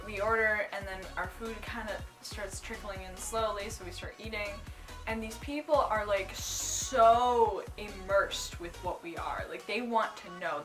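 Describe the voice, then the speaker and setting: A young woman vlogger telling a casual story, rambling with lots of "like" and "um" and breaking into giggles. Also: mid-range voice. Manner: rambling, full of "like" and "um"; giggly, bursts into excited squeals. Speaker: cosplay vlogger.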